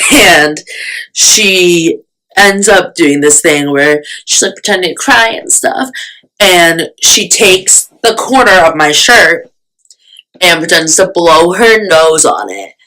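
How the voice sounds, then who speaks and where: A young woman vlogger tells a storytime in a casual, chatty manner, peppered with fillers and self-mocking asides. Her voice is lowish with a sharp tone, and the recording quality is poor.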